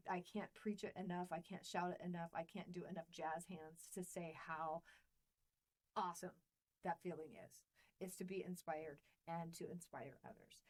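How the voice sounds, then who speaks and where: A woman's voice: medium pitch, rough recording. Bubbly, upbeat woman podcast host. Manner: bubbly, enthusiastic, playful asides. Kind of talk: casual solo podcast talk.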